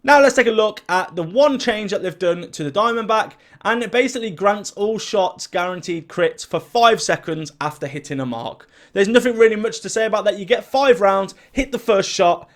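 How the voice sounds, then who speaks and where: A man reading out game patch notes in casual commentary, chatty and excitable, with quick asides. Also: high-pitched. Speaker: gaming YouTuber. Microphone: desk mic at a home gaming setup.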